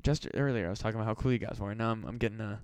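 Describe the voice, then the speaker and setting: A man's voice: lowish voice, racing, darkish tone, clean tone, no echo. A man hosting a solo podcast, rambling and swearing with mock-desperate pleading. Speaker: podcast host. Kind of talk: casual solo podcast rant.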